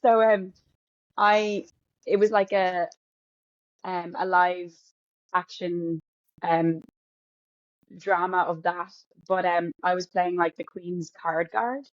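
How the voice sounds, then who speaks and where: A young Irish woman talks casually, full of "like" and "you know." Her voice sits low and stays fairly flat. The recording is dry and a little dull, lo-fi. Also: slow pace, long pauses, dry recording. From Ireland. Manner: chatty, many fillers and restarts. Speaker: podcast guest, actor. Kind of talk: casual interview chat.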